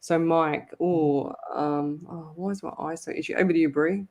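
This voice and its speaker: A woman hosting a live psychic radio show, reading listener comments aloud and giving readings with hesitant pauses. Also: sits low, steady tone, darkish tone. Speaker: psychic medium host.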